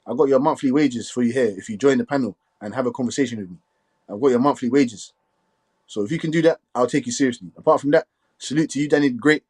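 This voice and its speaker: A man hosting a casual live stream, talking quickly and filling his speech with "you get me". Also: mid-range voice, a little mellow. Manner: fast, repetitive filler "you get me".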